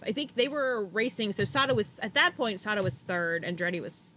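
Chatty woman co-host, bright tone, quick to act out quotes, light background noise. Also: mid-range voice, animated. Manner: chatty, swears, acts out drivers' lines. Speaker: podcast co-host. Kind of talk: casual chat about motor racing.

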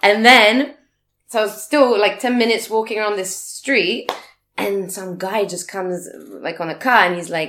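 Woman, casual storyteller, animated and profane, mid pitch, echoey room. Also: unhurried. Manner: swearing, animated, laughs often. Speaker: guest telling a story. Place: living in a big city abroad.

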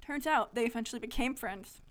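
A woman's voice: a little high, brisk, a bit bright. A young woman co-hosting a podcast, reading her childhood story aloud in bursts, giggly and self-mocking. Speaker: podcast co-host.

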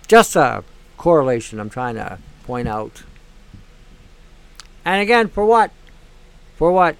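A man's voice: on the high side, clear, resonant tone, no echo. A man hosting a show, talking in a blunt, ranting monologue that keeps repeating itself and swears freely. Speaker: show host. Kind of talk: opinionated monologue.

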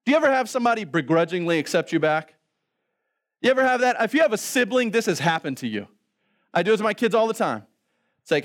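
Pastor, thirties, preaching; shifts from hushed pleading to loud emphatic calls, higher voice. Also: male voice. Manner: asks the congregation to respond aloud. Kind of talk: sermon.

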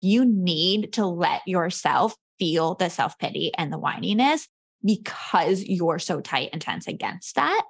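A woman hosting a coaching podcast in casual conversation, upbeat and quick to laugh. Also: fairly low pitch, expressive, creaky, slightly rough.

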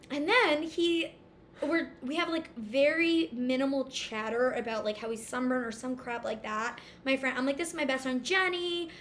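A woman's voice: sits high, moderate pace, fairly bright tone, slight background noise. A young woman animatedly telling a story in casual chat, acting out the dialogue. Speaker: storyteller guest.

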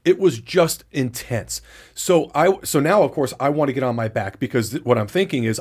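A man's voice: mid-range voice, normal speed, darkish tone, husky. A man co-hosting a podcast, telling a candid blow-by-blow story in casual chat, with lots of profanity. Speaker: podcast co-host.

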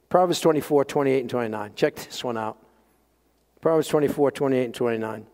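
A man preaching a sermon as pastor, emphatic, swinging between loud peaks and quiet low lines. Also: a little fast. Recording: long hall reverb.

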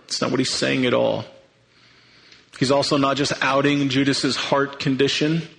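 A man's voice: mid-range voice, a bit bright, low-quality recording. A man preaching a sermon, earnest and thinking aloud, sometimes restarting his sentences. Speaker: pastor.

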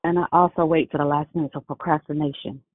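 A woman calling in who shares openly, in a halting and emotional way, with a husky voice. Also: deep voice, fairly even intonation. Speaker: caller. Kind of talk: personal sharing on a call. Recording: tinny phone line, dry.

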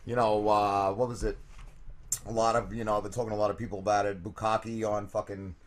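A man's voice: lowish voice, little pitch movement, fairly quick, a little hiss or hum. A man co-hosting a podcast in crude shock-jock style, brash and mocking, swearing constantly as he jokes. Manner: brash, profane, mocking, jokey. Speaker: podcast co-host.

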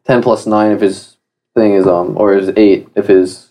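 A man's voice: lowish voice, steady tone, normal speed, warm tone. A man playing a tabletop role-playing game who often asks questions and checks the rules. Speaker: player. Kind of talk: casual tabletop game play.

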